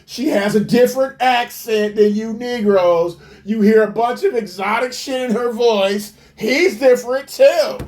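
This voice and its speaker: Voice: medium pitch, unhurried, few pauses, a little mellow. A commentator ranting in a mocking, profane, incredulous way while reacting to a clip.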